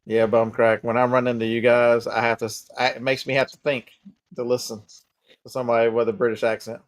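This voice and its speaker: A man's voice: medium pitch, little pitch movement, fairly quick, no echo, studio quality. A man with a Southern American accent, chatting casually and emphatically on a live stream, often repeating himself for emphasis.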